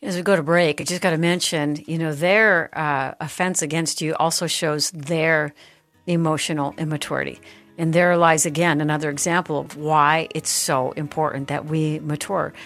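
Low-pitched lady hosting christian radio, earnest and chatty, a bit of music underneath. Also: steady tone, moderate pace, a bit bright, dry recording. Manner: earnest, conversational, asks probing questions. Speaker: radio talk show host.

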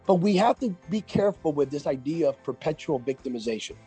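Male pastor guest, fairly high for a man, husky and warm, sermon cadence on talk radio. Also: animated, faint music behind. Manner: emphatic, preacher-like cadence, drawn-out stressed phrases. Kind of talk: preaching on a radio talk show.

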